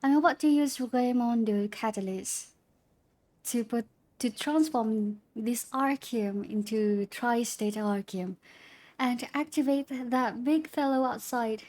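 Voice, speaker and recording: Slow, giggly woman streamer. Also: fairly high pitch, darkish tone. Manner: giggly, stammering restarts. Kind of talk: casual gameplay commentary.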